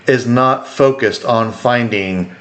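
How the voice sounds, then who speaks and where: Rambling animated male podcast co-host. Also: medium pitch, slow pace. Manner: rambling, animated, acts out quotes. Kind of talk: casual chat.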